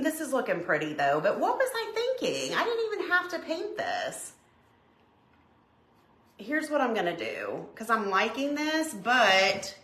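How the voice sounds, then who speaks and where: A middle-aged woman from Tennessee with a Southern accent, chatting warmly with viewers by name while hosting a live craft demo. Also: a little high. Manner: chatty, greets viewers by name, says y'all. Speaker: craft livestream host. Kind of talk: casual livestream chat and craft demo. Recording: echoey room, faint background hum.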